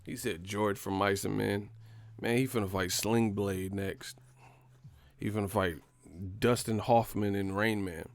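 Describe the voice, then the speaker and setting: Slow, gravelly man ranting casually. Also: on the low side, steady tone, dry recording. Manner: profane, slangy ranting with laughs. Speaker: boxing live stream host. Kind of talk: casual live stream commentary.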